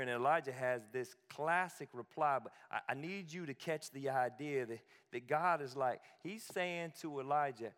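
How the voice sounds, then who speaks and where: A man's voice: medium pitch, normal speed, few pauses, fairly bright tone, long reverb tail. A male pastor preaching a sermon in a conversational, emphatic way, with asides and repeated phrases.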